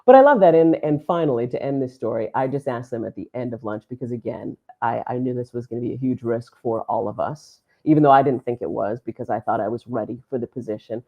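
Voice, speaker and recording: A woman sports announcer telling a story in a podcast interview, animated and laughing often as she acts out what people said. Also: extremely low pitch, fast, hardly any pauses, narrow, tinny audio. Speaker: sports play-by-play announcer, guest.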